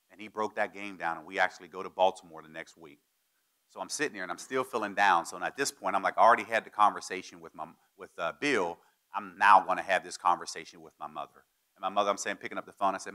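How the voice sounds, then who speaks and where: A man in his forties giving a storytelling speech, acting out the people he quotes. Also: fairly low pitch. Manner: animated, acts out quoted people. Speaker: guest speaker.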